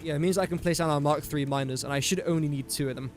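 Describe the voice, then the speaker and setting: Guy chatting through his game stream, kinda high voice, wanders off topic a lot. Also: fairly even intonation, fast, soft background music. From England. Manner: rambling self-talk, easily sidetracked. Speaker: gaming streamer. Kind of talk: casual gameplay commentary.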